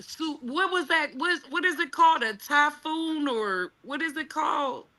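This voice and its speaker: A woman's voice: high-pitched, animated, unhurried, bright, forceful tone. A woman, a player's mother, chatting in a boisterous, joking way. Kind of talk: casual chat.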